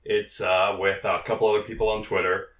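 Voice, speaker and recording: A man's voice: fairly low pitch, flat delivery, brisk, fairly bright tone, reverberant, recorded from a distance. A man speaking as a podcast guest in casual chat, hesitant with many fillers. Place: hot room.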